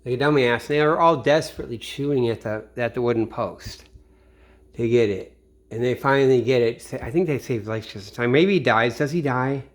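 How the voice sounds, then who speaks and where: A man in a rambling late-night monologue, swearing freely and drifting from thought to thought. His voice sits at an ordinary middle pitch, and his sentences often trail off into quiet mutters. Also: a little fast. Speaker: vlogger.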